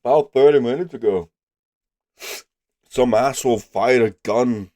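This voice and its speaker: A congested man voicing a gruff, surly male hermit who lives in a hollow tree, with a mocking, menacing manner. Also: mid-range voice, a little slow, dark tone, pitched above the performer's own voice, lightly acted.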